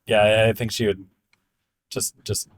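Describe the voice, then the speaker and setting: A man chatting casually as a podcast guest, relaxed and halting, often pausing with fillers. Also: fairly low pitch. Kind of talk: casual chat.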